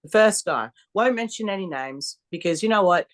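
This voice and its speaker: In a casual podcast interview, a strongwoman athlete tells blunt stories thick with swearing, animated throughout. She speaks at normal speed in a mid-range voice.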